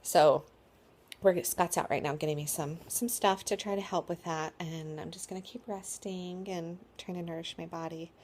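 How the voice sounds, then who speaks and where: Tired woman in her 30s, low voice, rambling chatty vlog story. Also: fairly even intonation, moderate pace, darkish tone, slight background noise. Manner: chatty, rambling, with frequent likes and ums. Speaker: vlogger. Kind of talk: casual birth story vlog.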